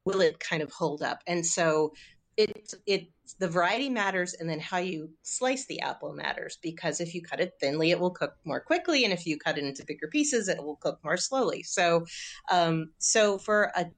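A woman's voice: fairly low pitch, expressive, moderate pace. A woman, a cookbook author guest on a radio call-in show, explaining with enthusiasm and some fillers into a studio mic. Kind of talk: radio interview.

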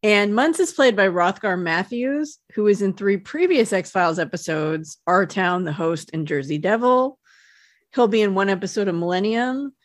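A woman's voice: medium pitch, animated, moderate pace, no echo, studio quality. A woman co-hosting a podcast, chatting casually and sharing background trivia about an episode. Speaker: podcast co-host. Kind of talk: casual chat.

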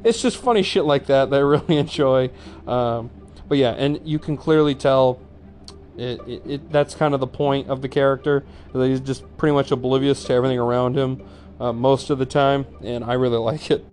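A man's voice: medium pitch, steady tone, normal speed, a little mellow, slight background noise. A man hosting his own review vlog, talking casually in a rambling way, swearing freely and filling his talk with "like" and restarts. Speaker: anime reviewer, channel host.

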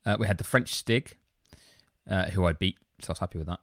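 A man's voice: deep voice, fast talker, no echo, studio quality. A man co-hosting a podcast, telling long, rambling, self-deprecating stories in casual chat. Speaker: podcast co-host.

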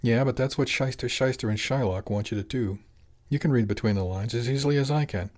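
A man's voice: medium pitch, a little fast, darkish tone, lightly acted. A man voicing a blunt, slangy male animal who manages a fishing fleet, pressing his point in an audiobook.

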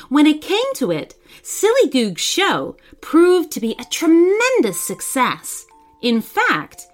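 A woman narrates a bedtime story gently and expressively, with a fairly high voice. Her pitch rises and falls in a lively way, and her pace is slow and measured. Faint music plays behind her. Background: soft music.

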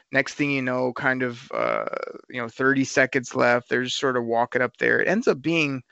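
A man co-hosting a casual sports talk show, breaking down a game in an animated, frustrated way. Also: medium pitch, gravelly, no room sound, dull audio.

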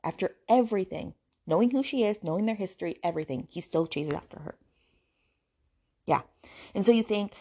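A woman's voice: medium pitch, expressive, fairly quick, long pauses, mellow, husky. A woman hosting a book podcast, ranting sarcastically about a novel and swearing freely. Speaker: podcast host reviewing books.

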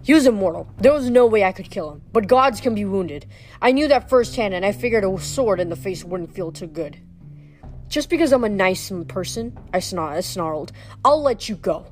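A woman reads a novel aloud in a mid-pitched voice, often stumbling and restarting words. Faint music plays softly behind her. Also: animated, moderate pace. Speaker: reader.

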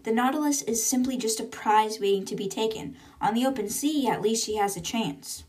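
Calm commanding leader, measured delivery, a woman reading it near her own voice, a little off-mic. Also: on the high side, far from the mic, close to an everyday voice. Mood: firm.

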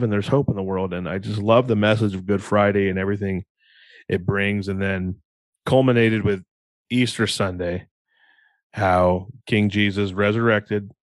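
Man, from Iowa, solo podcast host, rambling storyteller, low voice, dry sound. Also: no echo. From Iowa, USA. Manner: rambling, animated storytelling with many restarts and acted-out quotes.

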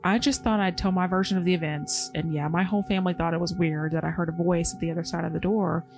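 Soft-spoken woman reading a spooky story. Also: lowish voice, fairly even intonation, fast talker, faint music behind. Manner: easily scared, self-described paranoid. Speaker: podcast co-host. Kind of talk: reading a story aloud, casual chat.

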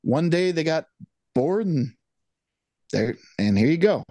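Jokey speaker, lively pitch. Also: takes it slowly, no room sound, studio quality. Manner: jokey, playful. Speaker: podcast co-host. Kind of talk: casual movie review chat.

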